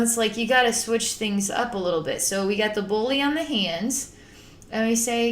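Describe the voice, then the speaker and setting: A woman's voice: a little high, normal speed, roomy sound, slight background noise. A woman psychic talking through a spiritual healing session in a rambling, emotive way, at times acting out panicked voices. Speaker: psychic channeler.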